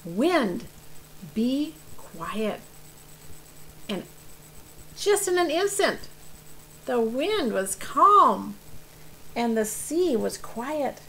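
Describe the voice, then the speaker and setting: A woman teaching children's church, telling a Bible story with animated emphasis and questions to the kids. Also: sits high, slow, vocal fry, pauses often, slight background noise, poor audio.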